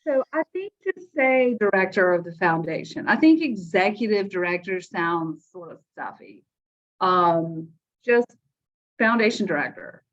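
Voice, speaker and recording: A woman's voice: fairly low pitch, expressive, unhurried. A middle-aged woman, a hospital foundation director chatting casually as a guest, self-deprecating and talkative. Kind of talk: casual chat. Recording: dull, lo-fi remote audio.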